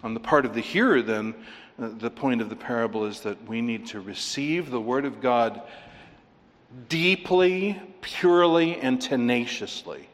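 A man's voice: mid-range voice, moderate pace, fairly bright tone. A man preaching a sermon as a pastor, earnest, repeating phrases for emphasis. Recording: long reverb of a hall.

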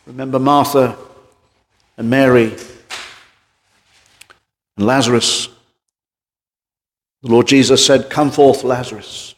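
A man preaching an evening sermon as pastor, emphatic, with drops into a quiet voice. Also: medium pitch. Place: church. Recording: church hall reverb.

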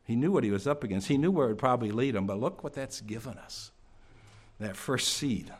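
A man preaching a sermon to a congregation in a church. He asks many rhetorical questions and drops to a hush at times. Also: mid-range voice, lively intonation, fairly quick, breathy edge.

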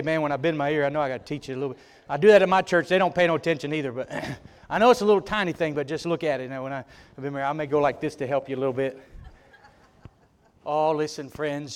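A middle-aged man preaching a sermon in a church, telling folksy stories and building to loud exhortation. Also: fairly high pitch. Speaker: preacher and ministry leader. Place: church sanctuary.

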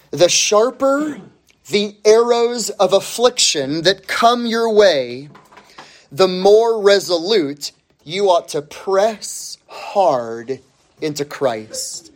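A man preaching a sermon, emphatic, stretching key phrases out slowly and rising sharply on the points he stresses. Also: high-pitched. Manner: emphatic, with slow drawn-out phrases and sudden rises.

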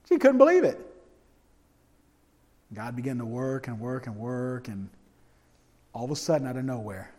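A man preaching a sermon through personal stories, animated and humorous, swinging from loud bursts to hushed asides. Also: medium pitch, a little slow, pauses often. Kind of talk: storytelling sermon. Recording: long hall reverb.

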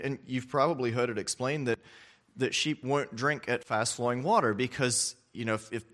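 A man preaching a sermon in a conversational way, often checking in with the listeners with quick questions and repeating words as he restarts his phrases. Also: medium pitch, a bit bright. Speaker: pastor.

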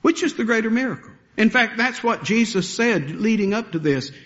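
A man preaching a sermon, animated and rising to emphatic peaks as he builds his points. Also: sits high, moderate pace, highs cut off. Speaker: pastor.

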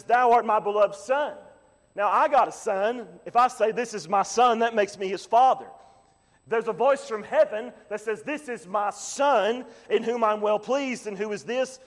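A man preaching a sermon as pastor, reading scripture and building to fervent, rising climaxes. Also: sits high. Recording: long hall reverb.

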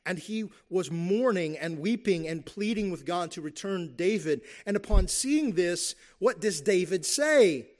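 Man, preacher, sermon, emphatic, rhetorical questions, slightly high voice. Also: animated, unhurried, hardly any pauses. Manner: earnest, emphatic, with rhetorical questions and acted-out quotes.

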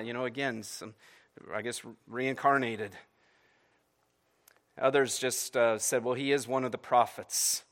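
A man's voice: mid-range voice, bright, forceful tone. A man preaching a sermon in a conversational way, often restarting phrases and checking in with "right?". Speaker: pastor.

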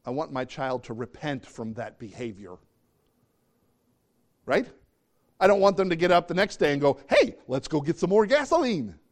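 The speaker is a middle-aged male pastor whose animated sermon features him acting out the voices of people he cites. His voice is pitched in the middle range.

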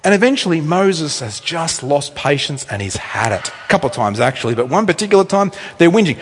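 Lively, animated male preacher in an echoey hall. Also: medium pitch, fast talker, few pauses, slightly rough. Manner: animated storytelling, conversational asides. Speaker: pastor. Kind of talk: sermon. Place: church.

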